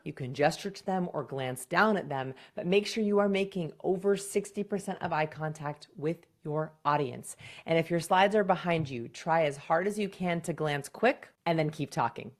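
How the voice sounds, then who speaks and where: A woman's voice: fairly low pitch, expressive. A woman communication coach giving direct, punchy presentation advice in a scripted video. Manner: direct, punchy advice with quick acted examples.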